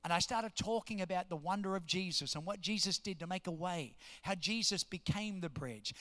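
A man in his fifties, a pastor, telling an animated sermon story and acting out the quotes. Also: sits high, brisk, hardly any pauses. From New Jersey, US. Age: 50s. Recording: long hall reverb.

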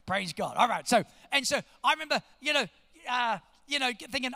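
A man in his fifties, a pastor, telling an animated sermon story and acting out the quotes. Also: very high voice, fairly quick, vocal fry. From New Jersey, US. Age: 50s. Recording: long hall reverb.

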